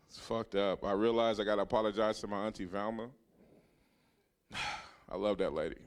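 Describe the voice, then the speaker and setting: A man in his thirties doing a stand-up comedy set, telling a profane story that swings from hushed asides to loud punchlines. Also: lowish voice, fairly even intonation, fairly quick. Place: comedy club stage.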